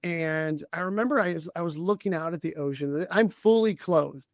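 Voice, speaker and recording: A man who coaches leaders and co-hosts a podcast. He tells a personal story in conversation, in a halting way with many restarts and frequent throat-clearing. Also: a little high, no echo, studio quality.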